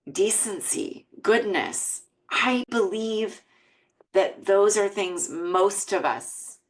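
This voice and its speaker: A woman's voice: lowish voice, rough recording. Earnest, emotional American woman. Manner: earnest and emotional, reading quotes aloud. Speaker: podcast host. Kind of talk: heartfelt podcast monologue.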